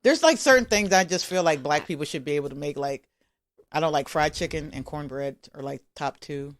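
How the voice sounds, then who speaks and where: A woman comedian guest telling stories in a casual podcast chat, animated and laughing often. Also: deep voice, a little fast, no echo.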